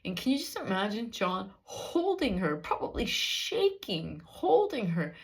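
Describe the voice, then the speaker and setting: A woman's voice: medium pitch, very animated, normal speed, a little mellow. A woman preaching a sermon in an earnest, conversational way, with many rhetorical questions.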